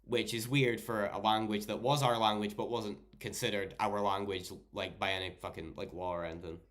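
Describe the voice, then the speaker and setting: Young Scottish guy, tipsy livestreamer, lowish voice, rambling and sweary. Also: fairly even intonation, fairly quick, fairly bright tone. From Scotland. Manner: rambling, heavy swearing, joking. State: intoxicated and tired. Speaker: livestreamer reading chat. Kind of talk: casual livestream chat.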